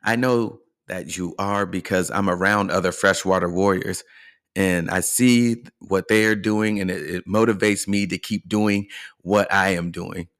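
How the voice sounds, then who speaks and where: A man's voice: low-pitched, steady tone, measured pace, fairly bright tone. A man hosting a motivational coaching podcast, speaking earnestly and encouragingly, often checking in with the listener. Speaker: life and fitness coach, podcast host.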